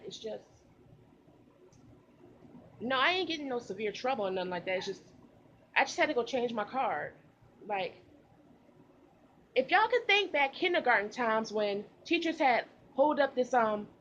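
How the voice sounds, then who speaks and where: A young woman vlogger recording outdoors, telling a casual storytime with animated delivery and slang. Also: fairly high pitch, dull audio, slight background noise. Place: outdoors in humid heat.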